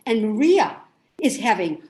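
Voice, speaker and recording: A woman's voice: medium pitch, very animated, unhurried, mellow. A woman performing a monologue as an anxious, self-deprecating woman who rambles and restarts her sentences, over a video call. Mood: rueful. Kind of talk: theatrical monologue.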